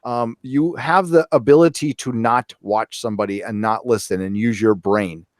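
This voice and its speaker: Middle-aged male co-host, mid-pitched, repeats key words, dry close sound. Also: fairly even intonation, normal speed, no room sound. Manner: rambling, repeats his key words for emphasis. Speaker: co-host reading viewer super chats. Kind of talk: casual live-stream chat.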